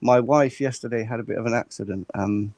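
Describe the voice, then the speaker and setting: A man's voice: medium pitch, a little fast, darkish tone, no room sound. A British man chatting casually as a guest on a live stream, laid-back and hesitant. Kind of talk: casual chat.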